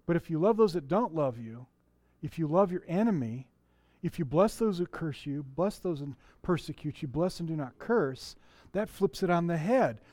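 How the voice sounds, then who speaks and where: A middle-aged pastor's sermon in church is conversational, full of questions for the congregation and restarted sentences. His mellow voice runs on the high side with lively intonation, normal speed, few pauses, and no echo.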